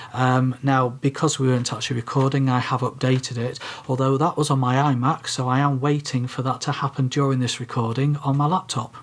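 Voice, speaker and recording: Husky man chatting about software. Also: mid-range voice. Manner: chatty, many ums and uhs, explains step by step. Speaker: podcast co-host. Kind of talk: casual tech podcast chat.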